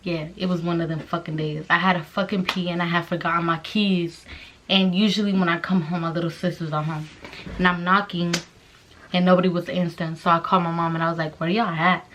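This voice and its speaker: A woman's voice: on the low side, brisk, a little hiss or hum. A young woman telling a story in a casual vlog, swearing constantly and acting out the voices of the people in it. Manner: profane, animated storytelling with quoted voices. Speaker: vlogger.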